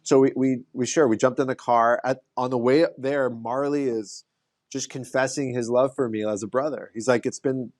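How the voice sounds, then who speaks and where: A man's voice: medium pitch, steady tone, moderate pace, darkish tone, no echo, studio quality. A man who is a podcast guest, in casual conversation, telling an earnest story with frequent restarts.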